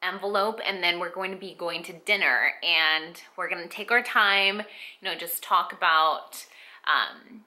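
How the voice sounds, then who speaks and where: A young woman talks straight to camera in a loose, rambling vlog, full of fillers and restarts. Her voice is very bright and a little teary, with a tearful, emotional edge that runs through the whole update. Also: on the low side, unhurried. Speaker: vlogger. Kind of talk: casual pregnancy update vlog.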